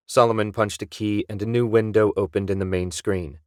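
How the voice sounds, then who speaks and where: A low-voiced man reads a science-fiction audiobook with steady, even storytelling. The recording is dry and close, with no room sound behind him. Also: brisk, few pauses, no room sound. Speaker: audiobook narrator. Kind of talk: scripted narration.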